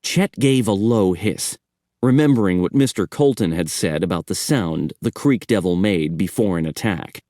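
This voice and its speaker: Measured male horror audiobook reader, animated pitch, dry close sound. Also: no echo. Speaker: audiobook narrator. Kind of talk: scripted horror audiobook narration.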